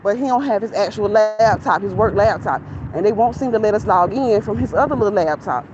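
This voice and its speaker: A woman's voice: medium pitch, lively intonation, a little fast. Young woman venting on a walk. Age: young adult. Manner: chatty, candid, venting to viewers. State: out of breath while walking. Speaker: vlogger. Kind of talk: casual rambling vlog. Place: outdoors near a shopping center. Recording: lo-fi phone audio, traffic noise.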